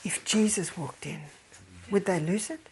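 An older woman speaks at an ordinary middle pitch. She talks casually and tells stories, slipping into the voices of the people she quotes. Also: measured pace, darkish tone, slight background noise. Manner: storytelling, acts out quoted voices, quotes scripture. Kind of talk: casual advice talk.

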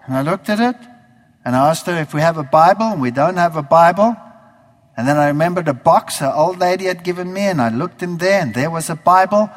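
Man from Germany telling his conversion story; lively, acts out past thoughts, pitched high, long hall echo. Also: a little fast. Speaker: speaker giving a testimony. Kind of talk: spoken testimony. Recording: hall reverb.

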